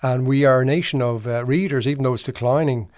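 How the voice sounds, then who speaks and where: A man's voice: medium pitch, steady tone, quick pace, darkish tone, no echo, studio quality. An Irish man co-hosting a podcast, rambling enthusiastically in casual chat. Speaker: podcast co-host.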